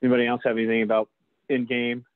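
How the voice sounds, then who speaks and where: A man's voice: medium pitch, monotone, racing. A man, a lacrosse official, leads a casual training talk and speaks straight to the group. The sound is tinny and phone-like. It is also close and dry, with no room echo. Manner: talks straight to the group, calls them guys.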